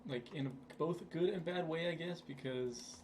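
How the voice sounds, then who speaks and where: Slight background noise sits under this young man's voice, which is on the high side with a darkish tone, delivered at normal speed. He runs a gaming channel and gives loose, laid-back commentary on his gameplay at his computer, leaning heavily on fillers.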